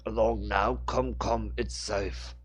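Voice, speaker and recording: A man voicing an older male caretaker with a thick Cockney accent, speaking slowly and deliberately. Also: lowish voice, fairly even intonation, husky. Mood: guarded.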